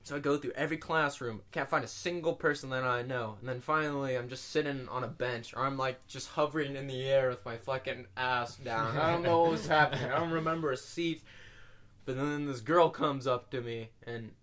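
Bright-voiced young man rambling through a story. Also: medium pitch, brisk. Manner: rambling, swears constantly, laughs at own story. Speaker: podcast co-host. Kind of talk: casual storytelling.

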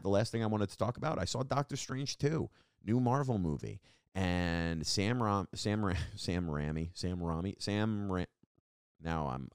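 A young man from Long Island talks through a casual podcast monologue in a very low voice. He rambles, swears freely and gets animated when he rants. The sound is dry and close. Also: no echo. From Long Island, New York. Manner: rambling, profane, animated ranting. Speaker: podcast host.

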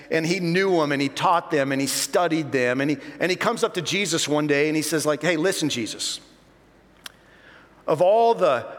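A middle-aged pastor telling self-mocking stories in an animated sermon. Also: male voice, a little high, big-room sound.

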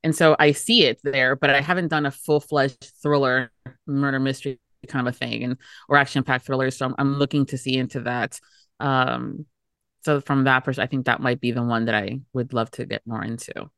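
A woman with a notably low voice, chatting as a podcast guest. She rambles with restarts and slips in giggles, and the recording is dry and close. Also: steady tone, normal speed, a bit bright, dry recording. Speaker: podcast guest, audiobook promoter. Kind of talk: casual interview chat.

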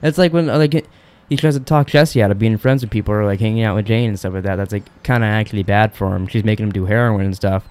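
A young man co-hosting a podcast, rapidly retelling an episode and acting out the characters' lines, swearing freely. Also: lowish voice, a little mellow. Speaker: podcast co-host. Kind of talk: casual chat recapping a TV episode.

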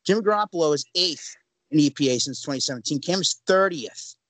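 Emphatic ranting man, slightly high voice. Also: animated, brisk, no echo, low-quality recording. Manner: loud, emphatic ranting with sudden pitch jumps. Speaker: podcast co-host. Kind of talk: ranting sports podcast talk.

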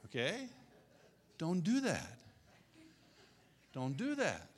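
A man in his sixties preaching a sermon in an animated, conversational way, repeating his key phrases. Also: fairly high pitch, moderate pace, pauses often. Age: 60s. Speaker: pastor.

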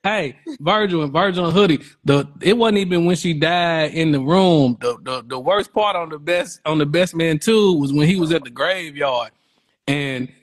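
A man's voice: a little high, normal speed. A man co-hosting a casual podcast chat, telling stories with lots of acted-out quotes. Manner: animated storytelling, acts out quotes. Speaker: podcast co-host.

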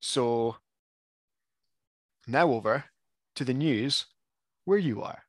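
A man chats and teases on a casual podcast, filling pauses with ums. His voice sits mid-range. The sound is dry and close. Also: medium pitch, dry recording. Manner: relaxed, chatty, teasing, lots of ums. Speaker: podcast co-host. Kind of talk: casual chat.

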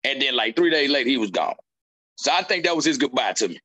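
A male stand-up comedian in casual chat, telling animated stories and acting out what people said. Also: medium pitch, quick pace, lo-fi sound. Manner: animated storyteller acting out quotes.

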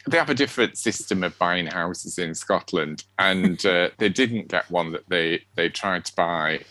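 A man's voice: deep voice, unhurried, pushed and bright, no echo. A man with a Sheffield accent co-hosting a podcast, chatting casually and giggling as he rambles. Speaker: podcast co-host. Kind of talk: casual chat.

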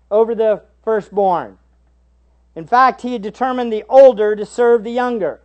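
A man preaching a sermon as pastor, shifting between hushed asides and raised, emphatic questions to the congregation. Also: sits high. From United States. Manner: rhetorical tag questions to the congregation.

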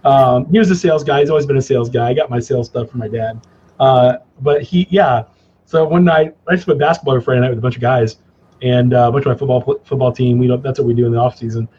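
A man guest in a casual interview, telling stories in an animated way, laughing and acting out his father's gruff lines. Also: mid-range voice, fast talker, highs cut off, slight background noise. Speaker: cigar company guest.

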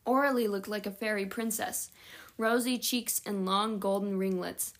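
A woman's voice: mid-range voice, fairly even intonation, normal speed. A woman reading a novel aloud at home, with small slips and self-corrections along the way. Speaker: audiobook reader.

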